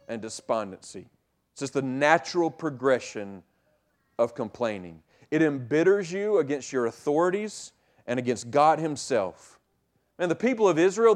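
Guy preaching a sermon, kinda high voice, punches the big lines then drops way down. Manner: emphatic preaching, repeats key lines, swings loud to quiet. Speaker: pastor.

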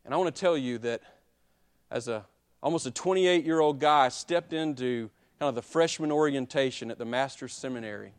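A man, preaching a sermon that moves between quiet personal confession and loud, emphatic exhortation. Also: mid-range voice, clean tone. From Alabama. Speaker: pastor.

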